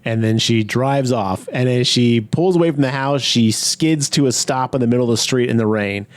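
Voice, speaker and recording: A man co-hosting a movie podcast in casual chat, animated, acting out scenes in quick impressions. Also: medium pitch. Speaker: podcast co-host.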